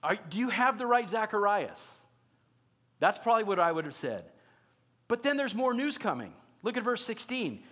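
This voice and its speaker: A male pastor preaching in an animated, conversational manner. His voice sits high, and he often turns to his listeners with questions. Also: normal speed. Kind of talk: sermon.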